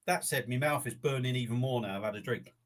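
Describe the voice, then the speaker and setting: A man's voice: medium pitch, quick pace. An older man, chatting casually on a live eating stream, breathless and rambling with his mouth burning from chilli, sweating and sniffling. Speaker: livestream host.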